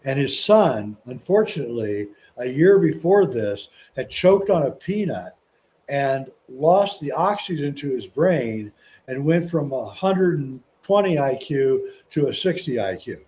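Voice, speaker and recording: A man's voice: mid-range voice, big pitch swings, measured pace, darkish tone. A man guest on a podcast, telling a personal story earnestly and stumbling over restarts. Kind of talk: casual storytelling.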